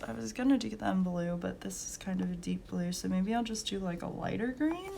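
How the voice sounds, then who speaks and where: A woman's voice: medium pitch, animated, normal speed, vocal fry, few pauses, noisy background. A young woman hosting a coloring channel, chatting casually and telling work stories with lots of laughs and fillers. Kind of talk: casual chat while coloring.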